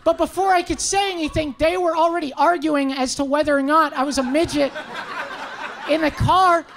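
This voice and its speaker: A young man with a high-pitched voice doing a brash, profane, self-mocking stand-up set in a comedy club. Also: steady tone, normal speed, gravelly, fairly bright tone. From Canada. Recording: live club set with crowd noise. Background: audience laughter.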